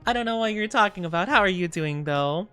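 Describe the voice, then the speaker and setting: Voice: mid-range voice, animated, fast talker, pushed and bright, smooth, faint music behind. Giggly streamer chatting with viewers. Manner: bubbly, giggly, playful, rambling with many fillers. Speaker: VTuber streamer. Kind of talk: casual livestream chat with viewers.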